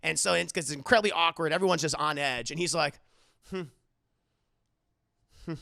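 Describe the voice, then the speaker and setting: A man streaming a casual film retelling to his chat, animated and often restarting his sentences. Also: fairly high pitch, fast, vocal fry, dry recording, clean studio sound.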